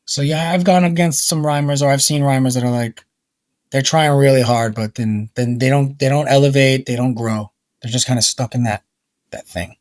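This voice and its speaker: Casting note: laid-back New York man, middle-aged, mid-pitched and dry, casual rambling guest. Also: steady tone, normal speed, darkish tone, dry recording. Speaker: guest author and rapper. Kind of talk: casual conversation.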